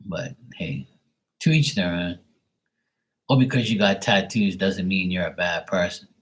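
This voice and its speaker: A man with a very low, husky voice talks on his livestream in a loose, rambling way. He is blunt and swears freely as he tells a story and reads out chat. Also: measured pace, poor audio. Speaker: livestream host.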